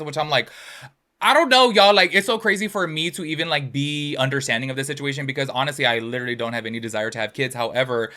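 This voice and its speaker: A young man hosting a casual gossip commentary channel, talking in an animated way with lots of filler words. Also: mid-range voice, quick pace.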